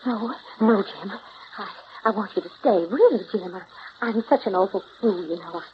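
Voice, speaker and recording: A woman's voice: mid-range voice, normal speed, dull audio, lightly acted. An actress in 1930s radio acting, playing an emotional, pleading young woman in love, heard on a hissy vintage radio broadcast. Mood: distraught.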